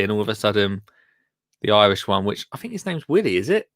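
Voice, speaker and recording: A man from the United Kingdom hosting a live podcast, animated and quick to laugh and exclaim in disbelief. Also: medium pitch, creaky, no echo. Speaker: podcast host.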